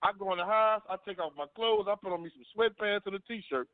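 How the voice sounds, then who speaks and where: A man's voice: high-pitched, brisk, no echo. A man on a talk panel, earnestly telling a long personal story and often repeating himself. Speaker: panel guest. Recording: dry phone-line sound.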